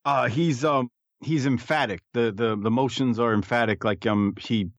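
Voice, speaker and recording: A man's voice: medium pitch, moderate pace, no echo. A man co-hosting a casual podcast, talking with hesitant restarts and easy laughter. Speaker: podcast co-host. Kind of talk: casual podcast review chat. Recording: dull, dry lo-fi mic.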